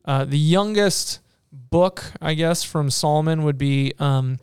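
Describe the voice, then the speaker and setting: A man in casual talk, retelling Bible stories in an animated way with playful asides and many fillers. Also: on the high side, slow pace, smooth, no room sound, studio quality.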